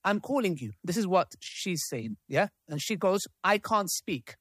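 A man's voice: sits high, big pitch swings, a little slow, fairly bright tone. A man leads a live panel discussion and reads messages aloud, breaking off for asides and checks with the room. His voice rises and falls a great deal. The sound is close and dry, with little room echo. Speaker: host of a debate panel.

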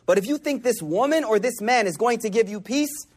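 A man preaching a sermon to a live audience, repeating phrases for emphasis and dropping from loud, emphatic lines to hushed, intimate ones. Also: very high-pitched, expressive, a little fast.

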